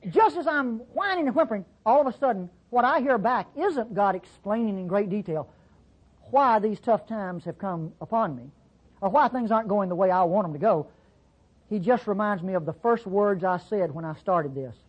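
A Bible teacher giving a folksy, conversational sermon-style lesson, acting out quotes with sudden pitch jumps. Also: lively intonation, moderate pace, husky, highs cut off.

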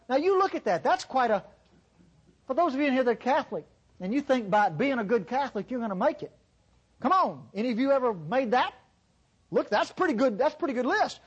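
A husky-voiced male preacher delivering a sermon. His pitch swings widely as he presses each point, repeating phrases and slipping in sarcastic asides. He sounds middle-aged. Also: sing-song, brisk. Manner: emphatic, repetitive, sarcastic asides.

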